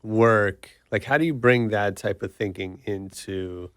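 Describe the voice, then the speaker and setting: A man's voice: lowish voice, unhurried, no room sound, studio quality. A man hosting a casual interview, asking questions in an agreeable, encouraging way. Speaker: podcast host, interviewer.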